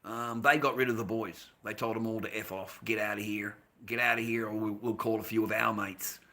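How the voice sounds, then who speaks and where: Bright-voiced Aussie man ranting. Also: fairly low pitch, fairly even intonation, a little fast. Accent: Australian. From Australia. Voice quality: profane, rambling, with swinging loudness. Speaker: livestreamer reading chat. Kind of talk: casual ranting monologue.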